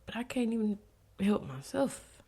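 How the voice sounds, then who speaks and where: A young adult woman hosting her own podcast, talking candidly and bluntly about her life, with frequent profanity and stretches where she drops to a soft whisper. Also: on the high side, sing-song, a little slow, husky. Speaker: podcast host. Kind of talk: candid confessional monologue.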